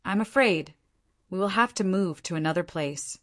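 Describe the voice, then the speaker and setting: A woman's voice: lowish voice, moderate pace, natural voice. A woman reading the lines of a frustrated grown man, a tribal leader, in a muffled, defensive way.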